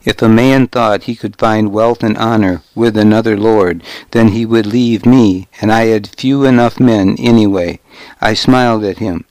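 A man narrating a historical novel in the first person, in a grave, deliberate way. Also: fairly low pitch, fairly even intonation, darkish tone, no room sound. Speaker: audiobook narrator.

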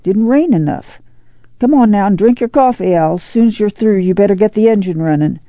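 A woman's voice: mid-range voice, lively intonation, a little slow, creaky, mellow, no room sound, lo-fi sound. A woman doing a firm, weary farm mother. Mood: urging. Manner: firm, coaxing and bossy in turn. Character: weary, determined farm mother of a migrant family. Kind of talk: audiobook character voice.

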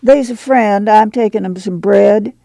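A man's voice: high voice, a little slow, creaky, dry recording, voice pushed up. Male reader doing a stern, protective farm mother, drawl, dry close read. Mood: firm. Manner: firm, hushed and protective. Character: weary, stern rural mother of a migrant family. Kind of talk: audiobook character voice.

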